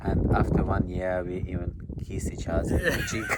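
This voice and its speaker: A middle-aged Ukrainian man drives and films himself, his non-native English halting and slow. His voice sits fairly low but swings about a lot, and he keeps chuckling and teasing. Loud vehicle noise runs under everything he says. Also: huge pitch swings, far from the mic. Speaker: family vlogger. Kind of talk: casual vlog chat. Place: in a car on country roads.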